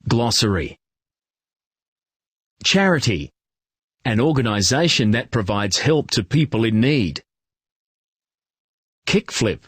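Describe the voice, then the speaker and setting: Slow husky man reading to kids. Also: mid-range voice, sing-song, fairly bright tone, dry recording, studio quality. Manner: clear, encouraging, slow instructions with praise. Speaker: narrator of a children's reading program. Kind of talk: scripted narration and instructions for children.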